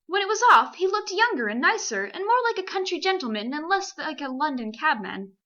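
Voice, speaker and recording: A woman from Canada reading a children's novel aloud in a lively, expressive way. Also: high-pitched, a little fast, highs cut off. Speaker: amateur audiobook reader. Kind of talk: storybook narration.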